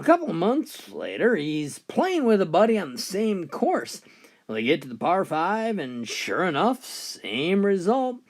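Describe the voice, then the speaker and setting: A man telling jokes in a laid-back, folksy way, starting sentences with "well". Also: high voice. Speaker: joke teller. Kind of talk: storytelling jokes.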